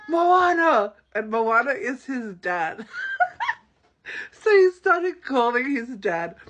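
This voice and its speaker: An adult from Australia, telling a wild story in a casual vlog, animated, swearing freely and acting out the quotes. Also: medium pitch. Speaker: vlogger.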